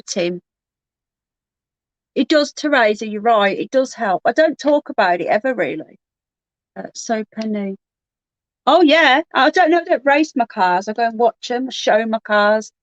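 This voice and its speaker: A woman's voice: medium pitch, dry recording, muffled recording. Chatty woman on a dry mic. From Birmingham, England. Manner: candid, chatty, restarts often. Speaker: livestream host. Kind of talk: casual livestream chat, reading comments.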